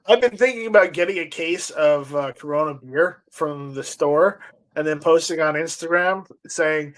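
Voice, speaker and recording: A man hosting a casual chat, joking and trailing off quietly at times. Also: a little high, moderate pace. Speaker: host.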